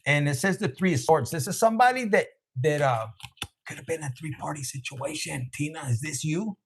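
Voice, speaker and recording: A man's voice: on the high side, expressive, fairly quick, creaky, husky. A man giving a live tarot reading, joking and swearing, often laughing and chatting with viewers by name. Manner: profane, joking, acts out voices. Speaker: tarot reader.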